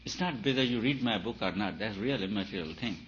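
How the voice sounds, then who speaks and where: A man giving a spiritual talk, emphatic and repetitive, his voice swelling and dropping in loudness. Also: lowish voice, lively intonation, fast. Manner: emphatic, repeats phrases, rises and falls in loudness. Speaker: spiritual teacher. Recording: dull lo-fi recording with faint hiss.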